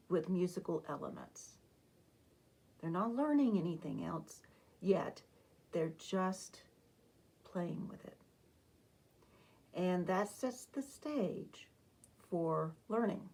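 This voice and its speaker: Slow, patient woman music teacher. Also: lively intonation, creaky, darkish tone, breathy edge. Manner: slow, patient explanation that breaks into sung, high-pitched demonstrations. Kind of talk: instructional talk to teachers.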